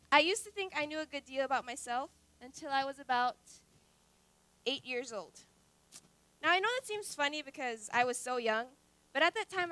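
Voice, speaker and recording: Teen girl talking on stage, high bright voice, earnest with dry little asides. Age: teens. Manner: earnest and confiding, with wry asides. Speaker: student speaker. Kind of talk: personal stage talk. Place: stage at a youth talk event.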